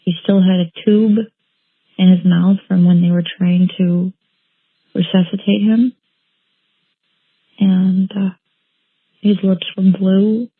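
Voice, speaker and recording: A woman telling her own painful story as an interviewee, halting and repeating phrases as she recounts what happened. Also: mid-range voice, flat delivery, slightly rough, dry recording. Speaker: interviewee, bereaved mother. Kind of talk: emotional personal account. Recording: tinny phone-like line, dry.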